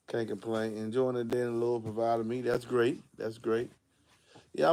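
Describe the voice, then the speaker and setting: A man's voice: mid-range voice, creaky, darkish tone. A man hosting a casual live car audio stream, greeting viewers by name in laid-back slang. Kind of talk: casual livestream chat.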